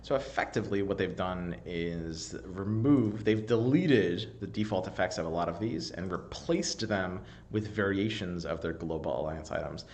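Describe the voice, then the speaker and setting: Man, solo game commentary, analytical, thinking aloud, lowish voice, lively pitch swings. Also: moderate pace, hardly any pauses, a little hiss or hum. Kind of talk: solo recorded commentary on game patch notes.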